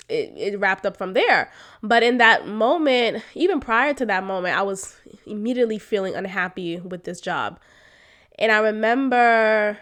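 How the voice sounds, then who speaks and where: A young woman hosting a podcast, telling a personal story in a candid, expressive way, laughing often and talking straight to her listeners. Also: mid-range voice, clean tone. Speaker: podcast host.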